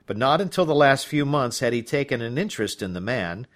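A man narrating a novel as an audiobook in an expressive storytelling manner. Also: mid-range voice, a little fast.

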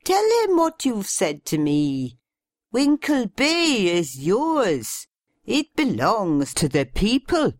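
A woman voicing a vain, theatrical aging female television star with a grand, drawn-out delivery. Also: medium pitch, huge pitch swings, no echo, clean studio sound, voice pushed up. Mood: grandstanding.

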